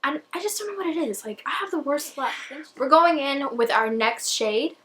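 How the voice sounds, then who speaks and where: A woman's voice: high voice, animated, moderate pace, a bit bright, slight background noise, rough recording. A young woman talking through a makeup tutorial in a chatty, rambling, self-deprecating way, a little out of breath. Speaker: beauty vlogger.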